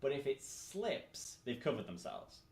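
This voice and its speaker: A man, chatting casually as a podcast host, animated and swearing as he acts out quotes. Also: mid-range voice, measured pace. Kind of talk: casual chat. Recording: roomy echo, faint room noise.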